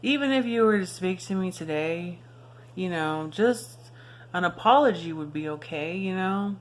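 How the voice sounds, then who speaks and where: Young woman telling a story, slightly low. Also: expressive, moderate pace, slight background noise. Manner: casual, frank, swears freely, many fillers. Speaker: vlogger. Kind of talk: personal storytelling to camera.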